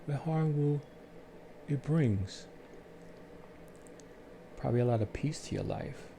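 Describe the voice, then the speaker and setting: Calm, gravelly-voiced man telling his story. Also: medium pitch, slight background noise. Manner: calm, soothing, unhurried talk with pauses. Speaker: channel host telling his life story. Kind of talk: slow reflective storytelling.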